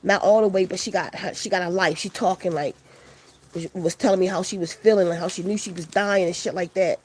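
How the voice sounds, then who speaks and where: A woman's voice: on the low side, a little fast. A woman casually telling a long story to her viewers, loose and profane, acting out the people in it. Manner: loose, profane, animated retelling with quoted voices.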